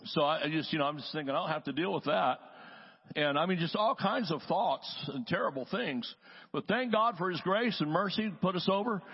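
A late middle-aged man preaching a conversational sermon, folksy and quick with joking asides. His voice sits a little high and sounds husky. The recording is muffled and lo-fi, with a long reverb tail from a large church hall. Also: expressive. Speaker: traveling healing evangelist, guest preacher.

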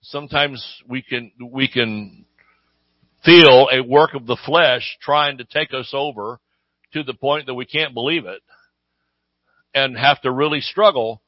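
A man's voice: medium pitch, measured pace, no echo. Man, pastor, conversational sermon, asks "Amen?" often, close dry mic, slightly muffled sound. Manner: conversational preaching with call-and-response "Amen?".

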